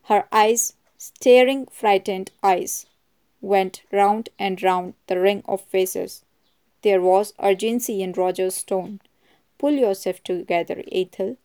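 A woman narrating a mystery novel as an audiobook in a measured, even manner. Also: mid-range voice, smooth. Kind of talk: audiobook reading.

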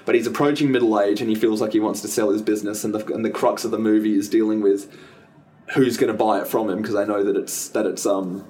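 A man's voice: lowish voice, fairly even intonation, quick pace, dark tone. A man co-hosting a podcast, chatting casually about a film and rambling with many restarts and self-corrections. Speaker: podcast co-host. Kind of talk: casual film review chat.

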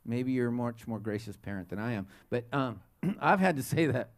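A man's voice: mid-range voice, animated, normal speed. A middle-aged man, a pastor, preaching a conversational sermon full of restarts and rhetorical questions to his congregation.

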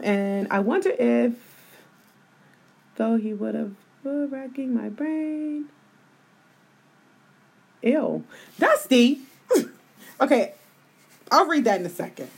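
A woman's voice: a little high, lively intonation, slow, gravelly, long pauses, slightly rough. Blunt, profane woman hosting a podcast. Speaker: podcast host. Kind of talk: casual opinion talk on a live podcast.

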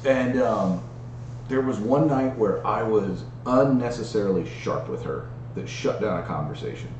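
A man candidly telling a personal story in casual podcast chat, animated and full of restarts. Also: on the low side, moderate pace, reverberant, recorded from a distance, muffled recording, slight background noise. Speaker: podcast co-host.

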